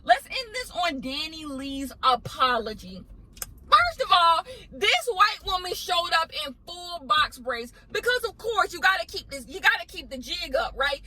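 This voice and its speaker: A woman's voice: very high-pitched, sing-song, measured pace, sharp tone, low-quality recording. A woman giving a blunt, emphatic ranting commentary as the host of her own vlog, hammering points home by repeating them. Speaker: commentary vlogger.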